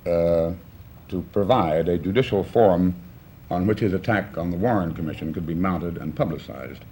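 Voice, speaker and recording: A man's voice: low voice, moderate pace, mellow. A man in his fifties from New Orleans, a talk show guest chatting casually and recounting events with quoted back-and-forth dialogue. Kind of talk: casual chat. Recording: faint background hiss, 1960s television audio.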